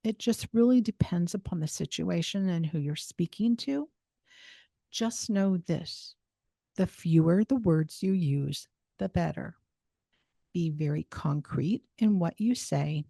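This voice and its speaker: A woman hosting a self-help talk, giving steady, instructive advice and repeating phrases for emphasis. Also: lowish voice, no room sound, clean studio sound. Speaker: host.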